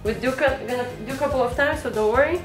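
A woman directing a video shoot, giving brisk, encouraging instructions. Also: high voice, reverberant, over music, poor audio.

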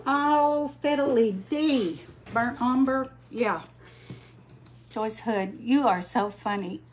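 An older woman, chatting slowly on a craft livestream, greeting viewers by name while she paints. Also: on the high side, a little hiss or hum. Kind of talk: casual live-stream chat while painting.

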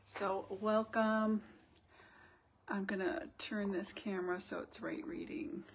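Friendly middle-aged woman art teacher, casual live-stream host, chatty and quick to laugh, faint background hiss. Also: medium pitch, fairly even intonation, creaky. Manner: chatty, laughs often, greets viewers by name. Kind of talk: casual live craft demo. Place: home art studio.

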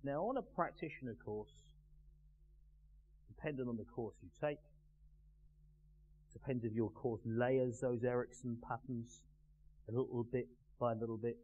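A man teaching a live class in a measured, emphatic way, pausing and putting questions to the group. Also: medium pitch. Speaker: NLP trainer. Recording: tinny phone-like sound with faint hum.

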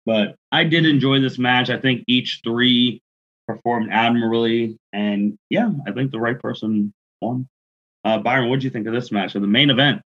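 A man's voice: mid-range voice, fairly even intonation, moderate pace, highs cut off. A man co-hosting a casual podcast, leading the review and asking his co-hosts for their takes. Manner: leads the segment, asks others for takes. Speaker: podcast co-host.

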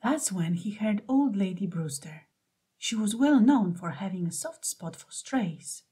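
A woman reading a children's picture book aloud in a gentle, expressive way. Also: medium pitch, unhurried, slightly rough. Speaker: storybook reader.

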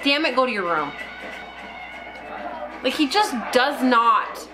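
A woman's voice: high-pitched, big pitch swings, slow pace, over music. Swearing, exasperated woman reacting. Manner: profane, exasperated outbursts. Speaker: reaction video co-host. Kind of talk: casual reaction commentary.

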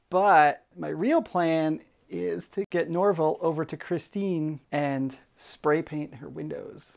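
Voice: mid-range voice, gravelly, darkish tone. A player in a tabletop miniatures game, plainly talking through the rules and planning moves.

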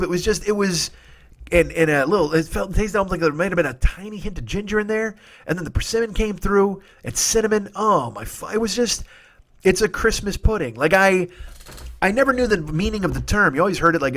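A man in his forties hosting a comedy podcast, telling a rambling story, profane and excitable, often cutting himself off. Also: fairly high pitch, fast. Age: 40s. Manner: profane, excitable, self-interrupting.

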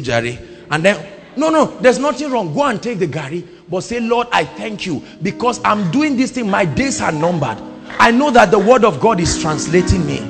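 A man with a Nigerian accent preaching a sermon, moving between quiet talk and loud shouted declarations. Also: creaky, big-room sound. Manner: booming, swings from quiet to shouting.

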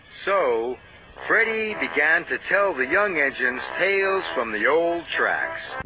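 Male narrator for a kids' storybook, slow and lively, fairly high, loud music bed. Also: slight background noise, rough recording. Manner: slow, expressive read-aloud. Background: loud background music.

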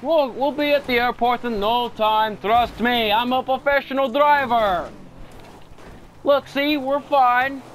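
A man's voice: very high-pitched, takes it slowly, a little hiss or hum, voice pushed up, heavily acted, rough recording. A man putting on a giddy Russian driver. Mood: boastful, giddy. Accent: Russian (put on). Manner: loud, bragging, giggly. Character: boastful reckless Russian male driver, cheerful.

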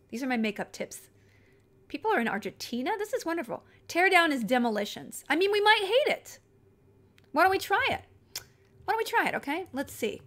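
A woman's voice: on the high side, a bit bright. A woman live-streaming a video game in casual, chatty talk, scattered and reading viewer comments aloud as she goes.

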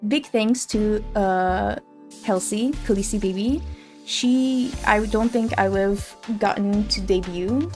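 A woman's voice: medium pitch, a little mellow. A young adult woman streaming casually, bubbly and gushing, with lots of "like" in her talk. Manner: bubbly, gushing, heavy use of filler "like". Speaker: VTuber streamer. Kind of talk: casual live-stream chat.

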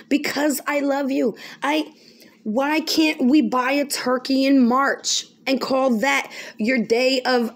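A woman vlogger giving an emphatic, preachy monologue, often pausing to ask "okay?". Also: high-pitched. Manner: emphatic, repetitive, keeps asking okay. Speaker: spiritual vlogger.

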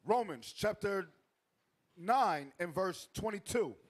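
A man's voice: sits high, expressive, slow pace. A man in a Bible class politely taking his turn to read scripture aloud. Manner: polite, answers yes sir. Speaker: student reader.

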